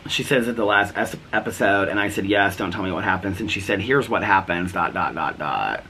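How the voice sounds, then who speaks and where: This middle-aged vlogger speaks a little fast in a deep voice that sounds pushed and bright, with a little hiss or hum in the audio. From his front porch, he casually recounts his day in a daily vlog, quoting back-and-forth dialogue.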